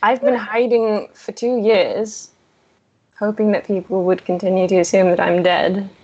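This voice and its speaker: A woman's voice: medium pitch, fairly even intonation, measured pace, mellow, breathy edge, muffled recording. Hesitant woman player thinking aloud. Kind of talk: casual role-play chat.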